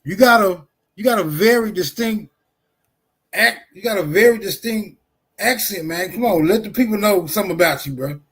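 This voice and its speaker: A man's voice: high voice, normal speed, fairly bright tone, slightly rough. A man hosting a casual livestream, greeting viewers and teasing callers with loose, profane banter. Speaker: livestream host.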